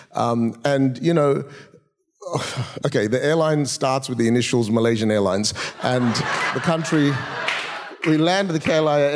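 A man preaching a sermon as a guest preacher, with humorous, energetic storytelling and quick asides, in a large church auditorium. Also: medium pitch. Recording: long reverb of a large hall.

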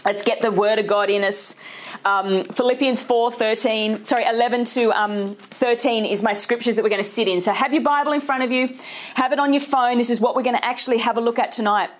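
A middle-aged woman, preaching a lively, conversational sermon full of rhetorical questions. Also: on the high side, fairly quick. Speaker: pastor.

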